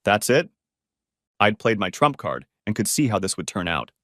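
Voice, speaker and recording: A man narrating a first-person story in an expressive, dramatic way. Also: lowish voice, normal speed, no room sound, studio quality. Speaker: audiobook narrator.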